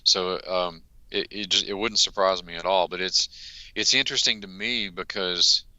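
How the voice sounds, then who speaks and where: Very deep, bright-edged male guest. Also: fairly even intonation, no echo, poor audio. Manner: hesitant, many fillers, earnest and measured. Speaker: guest researcher. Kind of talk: interview answers.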